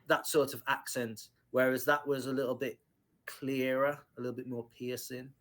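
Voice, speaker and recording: A man's voice: medium pitch, fairly even intonation, moderate pace, a bit bright. A man narrating a tabletop game as game master, hesitant with many ums.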